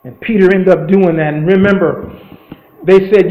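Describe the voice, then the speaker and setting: A man's voice: high voice, expressive, moderate pace, roomy sound, dull audio. A man preaching a sermon, retelling scripture in an earnest storytelling way with loose grammar.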